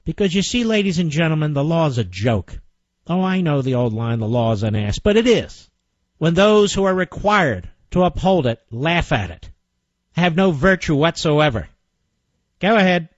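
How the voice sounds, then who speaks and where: A male talk radio host rants with sarcastic indignation, his voice swinging high and low. The sound is dry and close, though the broadcast audio comes through muffled and lo-fi. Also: sing-song, normal speed, dry recording. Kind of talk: combative political radio commentary.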